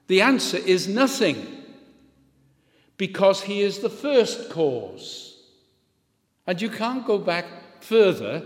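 A man preaching in a slightly high voice, taking his time over every phrase. His delivery is measured and emphatic, with phrase ends that drop away. The sound rings with the long reverb of a church hall. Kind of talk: sermon.

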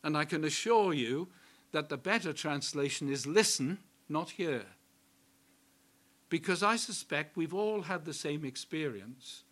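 A man preaching a sermon in a slow, emphatic way, repeating key words for weight. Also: on the high side, expressive, a bit bright.

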